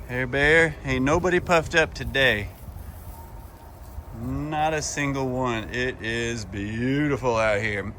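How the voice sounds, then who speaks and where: A man's voice: medium pitch, a little slow, sharp tone, a little hiss or hum. A man hosting a casual farm vlog outdoors, talking affectionately and teasingly to his animals. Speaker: host.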